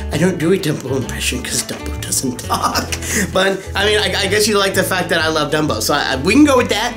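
A young man, a voice impressionist, excitedly reading fan mail in a casual way. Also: sits high, fairly quick. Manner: excitable, animated, swings to emotional. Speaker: voice impressionist YouTuber. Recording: music bed underneath.

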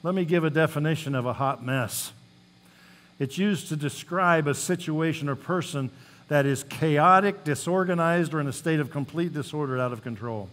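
A man's voice: a little high, normal speed, fairly bright tone. A male pastor giving a sermon, reading scripture aloud with rising emphasis and telling folksy stories between the passages. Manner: reads scripture with rising emphasis, then talks plainly; folksy storytelling asides.

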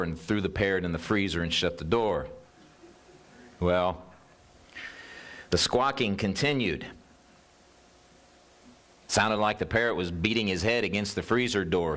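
An American man preaching a sermon as pastor, telling a story in an unhurried, earnest way. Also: sits low, fairly bright tone.

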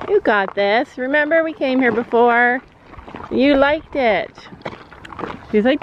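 A woman's voice: on the high side, unhurried. A woman vlogging casually at a horse barn, chatting to viewers and soothing her horses. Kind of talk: casual vlog talk to camera. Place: horse barn and trailer, outdoors. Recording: slightly dull sound with faint noise.

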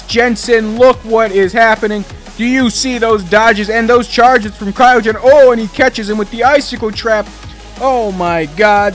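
A booming, over-the-top male sports announcer, as a young man puts him on shouts the play-by-play in a raised, higher voice. He hypes every move with a big arena-style flourish. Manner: loud, hyped, addresses ladies and gentlemen.

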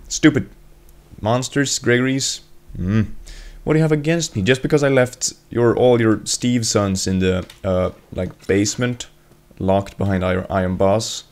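A man's voice: mid-range voice, a little hiss or hum. A young man giving jokey gameplay commentary as a let's play host, bursting into yelps and swearing and teasing the game monsters. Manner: talks to game monsters in mock voices.

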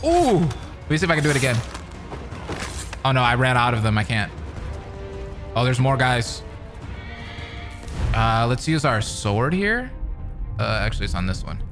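Excitable young male let's-play commentator. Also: medium pitch, moderate pace, long pauses, over music. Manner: excitable, laughs and exclaims often. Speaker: gaming commentator.

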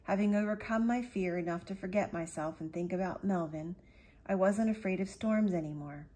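A gentle, candid old grandfather, read aloud by a woman, spinning a lively tale with a husky, lowish voice. His storybook telling is animated and confiding. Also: moderate pace, close to an everyday voice. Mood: reflective. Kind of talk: storybook reading.

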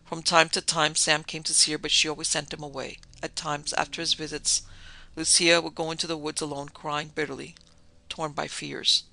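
Gravelly man narrating a horror tale. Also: a little high, level tone, pushed and bright, low-quality recording. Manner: measured, dramatic storytelling. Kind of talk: scripted horror story narration.

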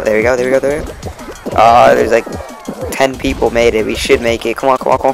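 A young man giving casual, excitable commentary over his own gameplay, repeating himself and cheering on each win. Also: mid-range voice, normal speed, gravelly. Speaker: gaming video creator. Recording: game music playing underneath.

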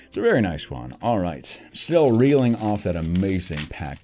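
A man giving casual card-opening commentary, listing card names in a low mutter and breaking into excited outbursts and jokey asides. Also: moderate pace, faint music behind. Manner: jokey asides about the cards. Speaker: YouTuber opening trading card packs.

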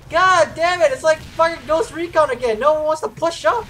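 A young man commentating his own gameplay, breaking into loud, swearing, frustrated outbursts. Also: very high-pitched, a little fast, few pauses, slight background noise. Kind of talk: gaming commentary.

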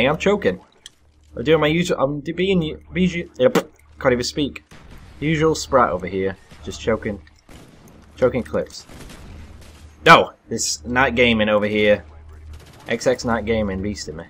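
A young man giving live commentary over his own gameplay, excitable and self-deprecating, breaking into sudden loud yelps. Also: mid-range voice, normal speed, a little hiss or hum. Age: young adult. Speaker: gaming commentator.

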